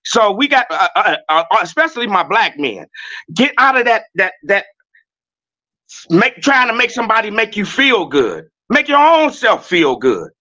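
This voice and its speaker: A man who is a guest on a podcast, ranting in a loud, blunt and profane way and often restarting his sentences. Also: high voice, big pitch swings, moderate pace. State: a little nervous. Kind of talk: heated rant on a podcast.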